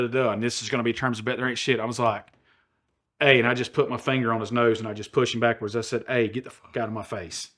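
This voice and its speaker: A man's voice: medium pitch, fairly bright tone. A middle-aged man with a Southern US drawl. He tells a rowdy, profane story as a podcast co-host and slips into the voices of the people he quotes. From American South. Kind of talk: animated storytelling.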